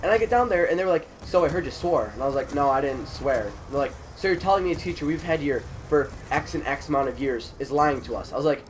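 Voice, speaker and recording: Slightly high and quick, with hardly any pauses, this teen vlogger's voice carries the stuffiness of a cold. He casually and animatedly recounts a school story, imitating what the others said, against slight background noise.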